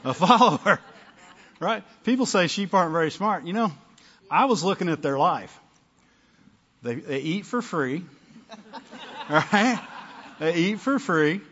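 A man's voice: sits high, expressive, takes it slowly, long pauses, fairly bright tone, muffled recording. A male pastor preaching a conversational sermon, often asking the congregation "amen?" and "right?".

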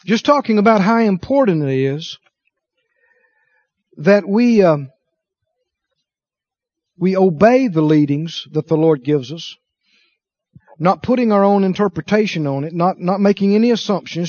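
High-voiced emphatic man preaching. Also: expressive, measured pace, pauses often, darkish tone, no echo, highs cut off. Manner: emphatic, calls for congregation responses. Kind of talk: sermon.

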